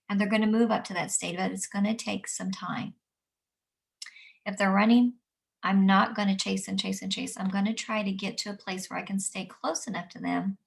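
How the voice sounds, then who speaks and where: A woman teaching adults about guiding upset children, explaining calmly and repeating her key points. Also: mid-range voice, vocal fry. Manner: calm, repetitive, explanatory. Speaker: early childhood trainer. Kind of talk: instructional talk.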